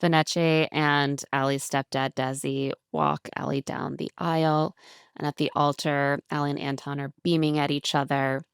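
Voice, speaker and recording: Low, gravelly woman recapping chattily. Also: moderate pace, no echo, studio quality. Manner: chatty, animated retelling with quoted voices and laughs. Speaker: podcast co-host. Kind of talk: casual chat recapping a reality show.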